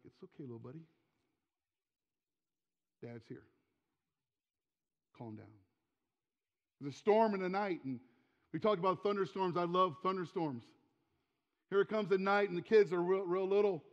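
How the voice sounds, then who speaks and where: A man in his forties with a high voice preaches emphatically, repeating words for stress and then falling quiet and close. The recording is dull and lo-fi, and the long reverb of a church hall trails his phrases. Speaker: pastor. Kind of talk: sermon. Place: church sanctuary.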